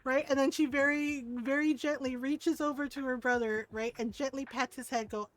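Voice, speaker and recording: A middle-aged woman streamer telling a story in casual chat as she plays a game, animated and laughing often. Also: sits high, unhurried.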